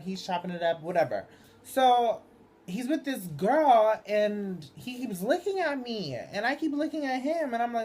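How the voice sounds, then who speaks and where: A young woman vlogger telling a dating story casually to camera, chatty and profane, full of filler words, getting animated when excited. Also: moderate pace. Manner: animated, swings high and loud when excited.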